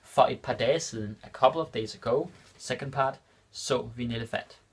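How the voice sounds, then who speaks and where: Male teacher, casual lesson delivery, slightly husky, slows down for examples. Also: medium pitch. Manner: repeats example sentences slowly, checks in with "right?". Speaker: language teacher. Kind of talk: casual lesson explaining grammar.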